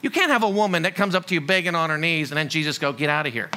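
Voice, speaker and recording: Folksy pastor, high bright voice, animated sermon delivery. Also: male voice, racing, a little hiss or hum. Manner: animated, rhetorical questions, folksy humor.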